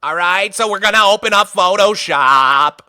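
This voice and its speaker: A fussy classroom teacher bleats his instructions in a wavering, goat-like voice, as a man puts him on. The voice sits a little high and sounds fed up. Faint music plays behind him. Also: moderate pace, pushed and bright, clean tone, no room sound, clean studio sound. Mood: exasperated. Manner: exasperated.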